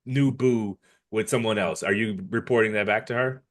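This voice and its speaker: Podcast co-host, man, low-pitched, blunt and easygoing, casual banter. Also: normal speed, fairly bright tone. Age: adult, jokes about dating himself. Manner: laid-back, blunt, swears freely. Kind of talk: casual chat.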